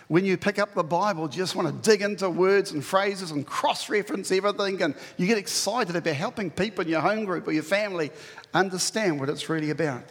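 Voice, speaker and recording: A male pastor delivers a conversational, emphatic sermon in a high, gravelly voice. His words ring with long reverb in a church hall.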